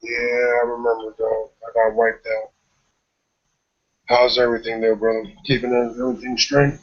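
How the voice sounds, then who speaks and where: A man's voice: mid-range voice, completely flat delivery, moderate pace. A man co-hosting a casual podcast chat, laid-back and profane, mostly agreeing. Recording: husky, dull lo-fi line.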